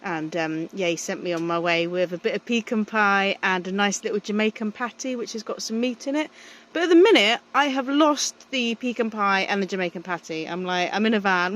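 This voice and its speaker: A woman's voice: medium pitch, brisk, fairly bright tone. A woman talking casually to camera from inside her camper van, chatty and swearing freely. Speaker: vlogger. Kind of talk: casual vlog chat.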